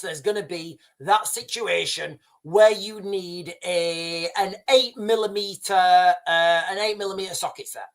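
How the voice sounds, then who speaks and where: A man's voice: high-pitched, a bit bright. A man hosting a livestream, giving blunt, emphatic advice to his viewers, repeating his points with many restarts. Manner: frequent restarts and fillers. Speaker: livestream host.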